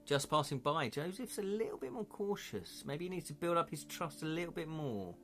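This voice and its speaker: A man's voice: a little high, big pitch swings, brisk, a bit bright, faint music behind. A British man hosting a live interactive gamebook stream, narrating and calling for chat votes in a playful, jokey way. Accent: British English.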